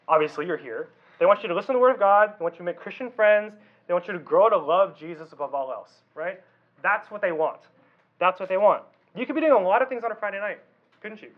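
A man with a high voice gives a youth sermon in a loose, talky way. He keeps checking in with the listeners through questions. The sound is a little dull and lo-fi. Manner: conversational, asks the audience questions. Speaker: youth pastor.

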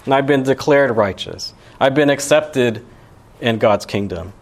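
A man's voice: medium pitch, a little slow. A young man giving a sermon as pastor, talking in a casual, conversational way with lots of "you know" and "right". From Alabama.

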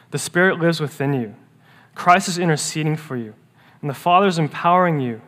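Male pastor, earnest sermon, slightly high voice, long hall reverb, swings from emphatic to hushed. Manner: earnest preaching, swelling to emphatic peaks and dropping to hushed lows.

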